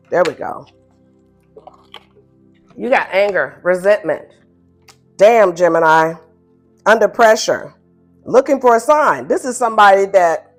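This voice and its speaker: A woman giving a casual tarot reading, animated and blunt, who laughs often and acts out the listener's replies in playful higher tones. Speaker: tarot reader. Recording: faint music behind.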